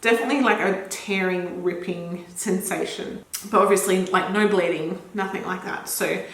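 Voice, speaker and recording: A woman's voice: on the low side, steady tone, normal speed, a bit bright, roomy sound. A young woman giving a casual pregnancy vlog update, chatty and rambling, a little out of breath. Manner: chatty, rambling with many "like" fillers. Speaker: pregnancy vlogger.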